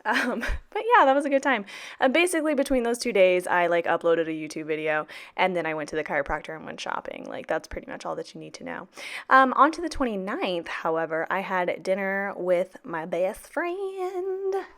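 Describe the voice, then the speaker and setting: A young woman in her twenties talks through her planner in a loose, rambling vlog style. Her voice sits a bit low for a woman. She is sassy and profane, with plenty of fillers. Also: lively intonation, fast, creaky, fairly bright tone. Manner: chatty, sassy, swears freely, many fillers. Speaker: teacher, planner vlogger. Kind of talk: casual planner vlog chat.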